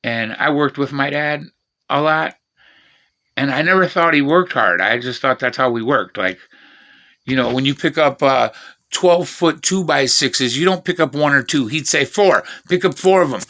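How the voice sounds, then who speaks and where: A man's voice: mid-range voice, normal speed, bright, forceful tone. A man in his fifties telling rambling personal stories in a profane, boastful, meandering way. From Washington State, USA. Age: 50s. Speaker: vlogger.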